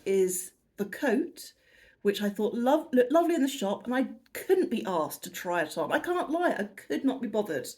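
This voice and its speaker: A woman's voice: mid-range voice, darkish tone. A British woman in her fifties talks to camera in a loose, wandering vlog style. She pokes fun at herself and laughs at her own detours. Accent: British English. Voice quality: chatty and self-deprecating, laughing at her own tangents. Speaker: haul vlogger. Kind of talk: rambling casual chat to camera.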